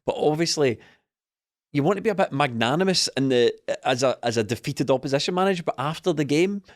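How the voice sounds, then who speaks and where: Male co-host, mocking and lively, dry sound. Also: fairly high pitch, brisk, dry recording. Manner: animated, mocking, laughs often. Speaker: podcast co-host. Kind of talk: casual football chat.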